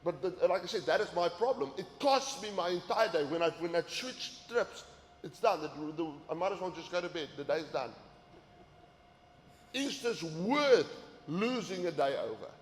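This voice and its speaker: A man's voice: sits high, expressive, a little fast. A man giving an earnest sermon-style talk to men, often repeating words as he pushes a point. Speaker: men's ministry teacher. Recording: echoey hall with faint ambience.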